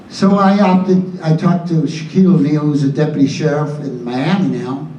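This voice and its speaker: A man's voice: medium pitch, dark tone. A man in his seventies telling a rambling, chatty story as a guest on a convention panel, often restarting his sentences. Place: large convention hall. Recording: roomy hall, distant mic, faint hum.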